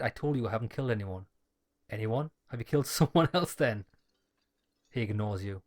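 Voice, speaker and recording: A man's voice: mid-range voice, normal speed, pauses often, darkish tone. A man playing a dialogue-heavy game, reading the lines aloud and adding wry jokes. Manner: wry, joking asides between read lines. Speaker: gaming YouTuber.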